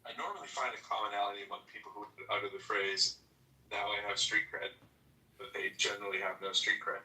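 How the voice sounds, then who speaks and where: A man hosting a casual chat, who talks haltingly and repeats his words. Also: on the low side, fairly even intonation, pushed and bright. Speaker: room host. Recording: echoey, from a distance.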